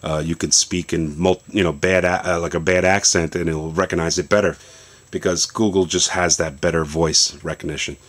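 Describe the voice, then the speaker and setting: Very low-voiced man demonstrating phone tricks. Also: normal speed. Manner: relaxed, rambling explanation with many fillers and restarts. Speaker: tech video host. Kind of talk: casual tech demonstration. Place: basement.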